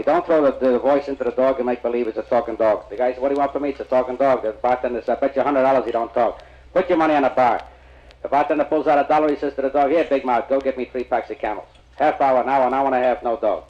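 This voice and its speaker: A male stand-up comic rattles off one-liners and short stories at a fast clip, in a mid-range voice. The sound is muffled and dull, like an old vinyl comedy album. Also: medium pitch, fairly even intonation. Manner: brisk, punchline-driven storytelling. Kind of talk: rapid-fire joke telling.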